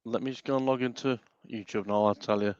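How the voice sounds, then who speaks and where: Black country bloke helping on a stream, smooth voice, dry jokes, dull lo-fi audio. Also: male voice, mid-range voice, fairly even intonation, fast, a little mellow, no echo. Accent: Black Country English. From Wolverhampton, England. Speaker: technical helper on the show. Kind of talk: casual chat.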